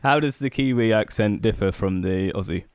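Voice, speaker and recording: A man's voice: on the low side, moderate pace, clean tone, dry recording, studio quality. A man hosting a podcast in casual chat, asking easygoing questions and laughing often. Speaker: podcast host.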